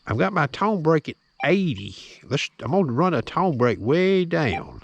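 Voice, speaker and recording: A man's voice: on the high side, big pitch swings, measured pace, muffled recording, background noise. A man giving a plain-spoken, hands-on tutorial outdoors, often checking in with the viewer. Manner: plain-spoken, drawling, keeps checking in with "okay?". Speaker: metal detecting hobbyist demonstrating a detector.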